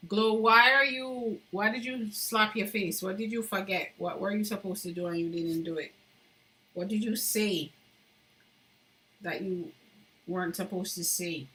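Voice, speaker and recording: Hosting a relaxed live stream from home, this woman chats with viewers and reads their comments aloud as she carves, laughing frequently. Her voice is lowish and a bit bright, at normal speed with long pauses.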